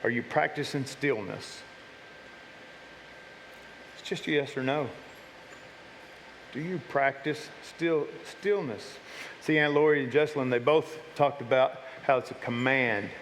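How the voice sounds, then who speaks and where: A man's voice: mid-range voice, measured pace, pauses often, slight background noise. A man preaching a casual, conversational sermon to his church, often repeating and restarting his words. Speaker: pastor. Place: church sanctuary. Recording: long hall reverb.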